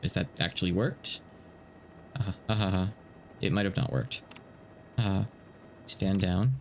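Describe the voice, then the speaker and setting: A man's voice: deep voice, a little slow, pauses often, slight background noise. A man streaming a game he translates live, talking to himself in hesitant, stammering asides.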